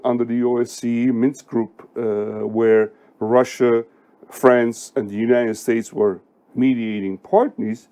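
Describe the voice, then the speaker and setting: Middle-aged man, political commentator; slow, mellow delivery, emphatic, lots of pauses and fillers. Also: medium pitch. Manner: deliberate, emphatic, many hesitations.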